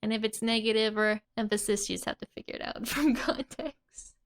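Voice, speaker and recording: A woman's voice: on the high side, fairly quick. A woman teaching a casual language lesson, laughing often between her explanations.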